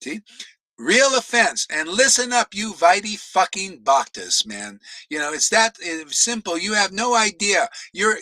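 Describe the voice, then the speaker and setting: Man, preacher, shouting then muttering, profane, high-pitched. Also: no echo, poor audio. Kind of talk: fiery devotional preaching.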